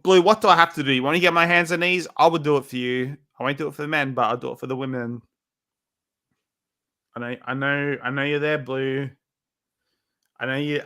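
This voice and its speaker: A man's voice: fairly high pitch, a bit bright. A drunk man with hiccups, rambling on a livestream while reading the chat, swinging between insults and self-pity. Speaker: livestream co-host.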